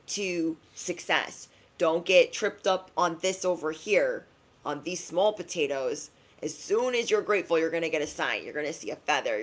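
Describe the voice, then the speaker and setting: A young woman giving a casual spiritual pep talk to her viewers, chatty and slangy, acting out quick asides. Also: deep voice, fairly bright tone. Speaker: spiritual reader.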